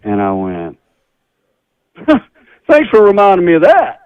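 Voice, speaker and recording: Middle-aged male radio guest, folksy storyteller, slightly raised pitch, dry dull radio sound. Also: a little slow, clear, resonant tone, no room sound. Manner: folksy, animated storyteller with laughter. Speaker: guest, former tour golfer. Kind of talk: storytelling on a radio talk show.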